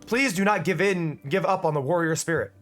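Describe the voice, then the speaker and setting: A man voicing an earnest young warrior who speaks formally and gravely. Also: a little high, fairly quick, lightly acted. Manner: formal and grave, speaks in lofty pep talks. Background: faint music.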